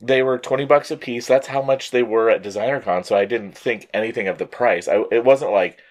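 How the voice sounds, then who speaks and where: A man's voice: medium pitch, a little fast. A man co-hosting a toy show, telling a story in casual chat with a stuffy, allergy-congested voice and acting out other people's reactions. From Colorado. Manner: animated storytelling, mimics others.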